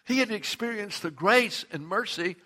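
A middle-aged man, a pastor, preaching a sermon in an animated way that swings from loud to hushed. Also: sits high, normal speed.

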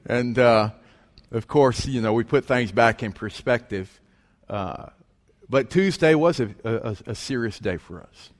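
A man preaching, telling a story in an animated way and acting out the voices of the people in it. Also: mid-range voice, unhurried. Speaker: pastor. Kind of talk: sermon storytelling. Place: church sanctuary. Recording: long reverb of a large hall.

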